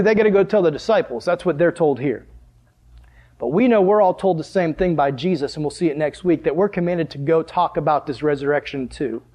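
High-voiced pastor preaching in church, lively, keeps quizzing the crowd. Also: male voice. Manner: animated, asks the audience questions. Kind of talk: sermon. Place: church hall with a live audience.

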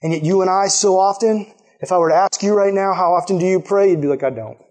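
High, lively preaching man. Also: fast. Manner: lively, acts out quotes in put-on voices. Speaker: pastor. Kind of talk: casual sermon storytelling.

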